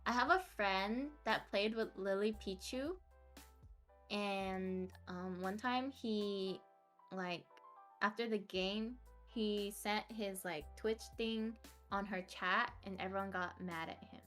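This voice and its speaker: A woman's voice: medium pitch, slow, a bit bright, soft background music. A young woman streamer chatting casually as a podcast guest, laughing often. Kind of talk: casual interview chat.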